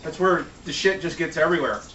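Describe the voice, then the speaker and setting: A man with a slightly high voice talks quickly while giving a casual cooking demo in his home kitchen, joking and swearing freely. The lo-fi recording has background noise, an echoey room sound and a distant mic.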